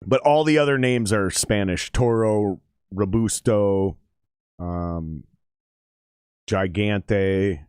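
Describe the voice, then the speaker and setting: A man's voice: on the low side, takes it slowly, long pauses, a little mellow, clear, resonant tone, dry recording, clean studio sound. A man chatting casually on a livestream, rambling and swearing with lots of fillers as he comments on a game. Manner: rambling, profane, with many fillers.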